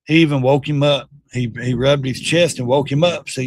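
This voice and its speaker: A middle-aged man hosting a casual livestream, reacting to videos with loud, blunt, slangy commentary. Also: mid-range voice, fairly even intonation, moderate pace, noisy background. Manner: loud, blunt, slangy, mocks and quotes the clips.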